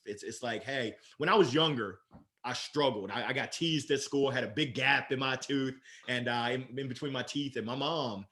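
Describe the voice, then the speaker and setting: A man talking as a guest in a casual interview, lively and playful, laughing often. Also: medium pitch. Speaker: sales leader guest.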